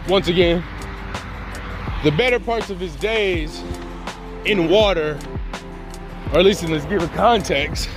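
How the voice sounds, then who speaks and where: A man casually improvising a fan-fiction story in slangy, rambling talk full of asides. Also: sits high.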